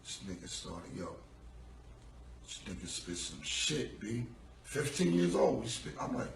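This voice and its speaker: A gravelly-voiced man tells a casual, profane story in street slang, slipping into the voices of the people in it. His phone sits some way off in an echoey room, so the sound is distant and hollow. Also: lowish voice, very animated, unhurried, a little hiss or hum. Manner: loose, profane, street slang, acts out quoted dialogue. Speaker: rapper telling a story on a live stream.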